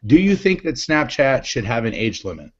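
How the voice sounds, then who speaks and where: A man hosting a casual group chat, upbeat and playful, quick to laugh. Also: medium pitch, very animated, muffled recording. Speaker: show host.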